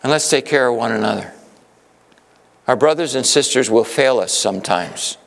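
A man preaching a sermon emphatically, swinging from urgent exhortation to gentle reassurance. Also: medium pitch, normal speed, gravelly, big-room sound. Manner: emphatic, shifting between urgent and soothing. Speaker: pastor.

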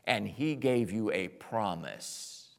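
A male pastor preaching a sermon, animated, swinging from quiet, intimate lines to loud, excited bursts. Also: lowish voice, slow, gravelly.

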